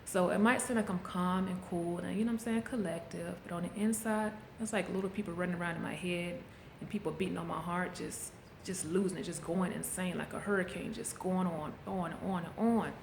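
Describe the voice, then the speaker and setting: A woman's voice: on the low side, fairly even intonation, fairly quick, vocal fry, darkish tone, a little hiss or hum. A middle-aged woman talking candidly into a handheld camera, coaching viewers in a casual motivational vlog. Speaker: vlogger. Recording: echoey room, faint background ambience.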